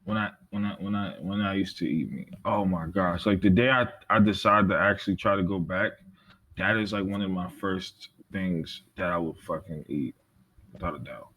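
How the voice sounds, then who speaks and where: A man's voice: low voice, normal speed, a bit bright, breathy edge. A man in casual chat, blunt and swearing freely.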